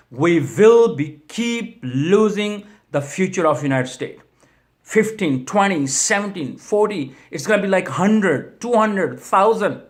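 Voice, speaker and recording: A man, a church minister, giving an impassioned video message that pleads with repeated rhetorical questions and closes in prayer. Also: high voice.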